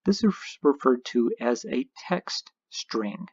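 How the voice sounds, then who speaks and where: A man's voice: medium pitch, big pitch swings, slow, a little mellow, breathy edge, no room sound, muffled recording. A man narrating a screencast tutorial, explaining each step patiently as an instructor.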